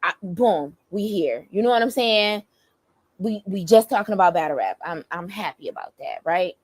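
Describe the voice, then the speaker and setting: A woman's voice: on the low side, normal speed, no echo. Young woman ranting about her rap beef, cussing a lot, dry close sound. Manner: animated, profane, emphatic. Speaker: battle rapper. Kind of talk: casual storytime rant.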